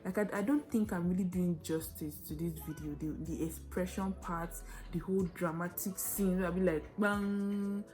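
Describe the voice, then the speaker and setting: A young Nigerian woman telling a story on her vlog, animated and dramatic, with quick shifts of pace. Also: lowish voice, faint music behind. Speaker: vlogger.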